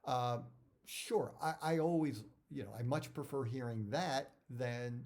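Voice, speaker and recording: A man's voice: mid-range voice, lively intonation, unhurried, darkish tone. A middle-aged man, an actor, giving career advice in a casual talk that rambles, repeats words and drifts off topic.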